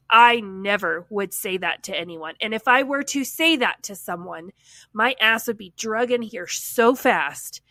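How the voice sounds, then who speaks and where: A woman's voice: medium pitch, pushed and bright, no room sound. A woman co-hosting a casual podcast conversation, frankly recounting what happened to her. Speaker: podcast co-host.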